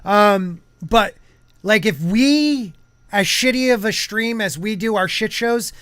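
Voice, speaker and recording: A man with a notably high voice hosts a casual streamed podcast. He rambles, restarts his sentences and reads viewer comments aloud, and the sound is close and dry. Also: animated, slow pace, a bit bright, no echo. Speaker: podcast host. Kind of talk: casual live-stream chat.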